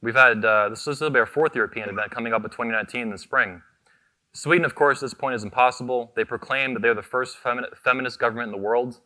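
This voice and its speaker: A man's voice: mid-range voice, quick pace, sharp tone. A man giving a fiery convention keynote speech on stage into a microphone, combative and profane, hammering short repeated phrases. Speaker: keynote speaker, convention founder.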